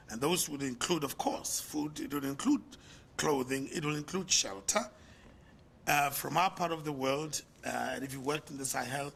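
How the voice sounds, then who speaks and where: An older man with a South African accent, a pastor, lectures at a conference in a lecture hall, using the emphatic, rhetorical cadence of a preacher with big swings in pitch and loudness. His voice sounds creaky, bright, and pushed, over a slight hiss or hum.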